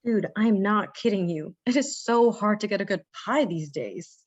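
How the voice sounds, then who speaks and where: A woman's voice: medium pitch, dry recording, natural voice. A woman voicing a brash, boastful young man who talks in a bossy way, in an amateur comedic audio drama. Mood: casual. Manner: bossy, fast-talking bragging. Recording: dull dry lo-fi mic.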